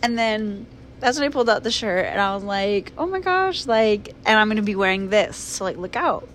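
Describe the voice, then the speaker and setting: A woman's voice: medium pitch, normal speed, a little hiss or hum. A young woman casually telling a personal story to her viewers, chatty and full of fillers. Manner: chatty, filler-heavy, animated retelling. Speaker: vlogger.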